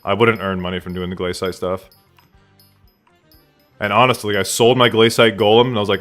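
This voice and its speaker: A man's voice: fairly low pitch, fairly even intonation, brisk, pauses often, a bit bright, soft background music. A man streaming a game live from his room at home, rambling casually and answering chat questions aloud.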